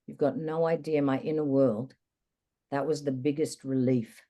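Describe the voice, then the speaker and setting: A woman guest in an interview, candidly recounting a personal experience in a reflective, lively way. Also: extremely low pitch, moderate pace. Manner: candid, reflective, animated retelling. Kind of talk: personal storytelling in conversation.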